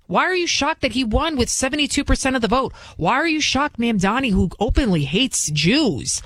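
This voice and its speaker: A woman's voice: high voice, lively intonation, moderate pace, few pauses, a bit bright, dry recording. A woman political commentator talking in an indignant, emphatic way, firing off rhetorical questions and repeating her points. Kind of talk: opinion monologue.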